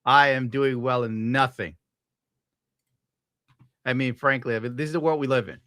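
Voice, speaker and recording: A man's voice: medium pitch, steady tone, moderate pace, bright, forceful tone, no room sound, clean studio sound. A man streaming and reacting to clips in a crude, sarcastic, profane rant, laughing at his own jokes.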